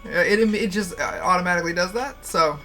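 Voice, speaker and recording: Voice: medium pitch, fairly quick, sharp tone, soft background music. A livestream host chatting casually, rambling and candid, laughing often and swearing freely. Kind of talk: casual stream chat.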